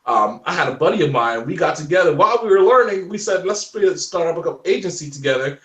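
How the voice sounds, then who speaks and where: A man in his forties telling stories in a casual interview chat, animated and laughing often. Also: a little high, quick pace, roomy sound, recorded from a distance. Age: 40s. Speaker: guest.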